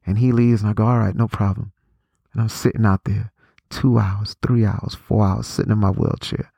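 A man's voice: on the low side, fairly even intonation, normal speed, creaky, dark tone, husky, no echo, clean studio sound. A man in his forties giving a motivational talk, preachy in tone, repeating phrases and restarting his sentences. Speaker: motivational speaker.

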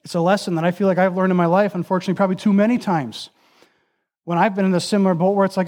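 Man, high voice, sermon, earnest, emphatic. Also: fast, darkish tone. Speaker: preacher.

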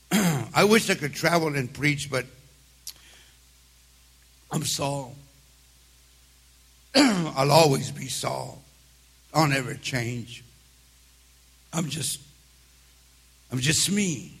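An older man voicing a discouraged man who is sure he will never change, in a quieter, lower voice. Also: extremely slow, long pauses, breathy edge, heavily acted. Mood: gloomy.

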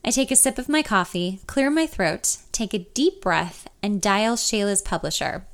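A woman's voice: mid-range voice, animated, moderate pace. A young woman narrating a first-person audiobook in a nervous, confessional inner voice.

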